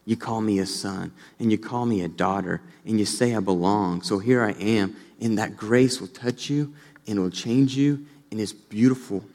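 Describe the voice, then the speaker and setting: A young adult man preaching an earnest sermon as a pastor, turning animated when he tells a family story. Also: on the low side, moderate pace. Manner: earnest, rises animated when telling stories. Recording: long reverb of a large hall.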